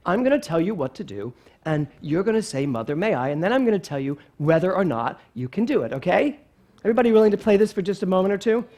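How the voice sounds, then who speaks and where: Lively, high-voiced male pastor. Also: quick pace. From Philadelphia, USA. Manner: animated, playful, storytelling. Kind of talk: sermon.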